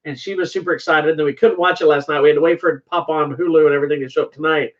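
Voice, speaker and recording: A man's voice: fairly high pitch, fairly even intonation, very fast. Guy teasing his wife on a tv podcast, kinda far off the mic, dull lo-fi sound. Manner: teasing, joking banter. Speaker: podcast co-host. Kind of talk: casual TV review chat.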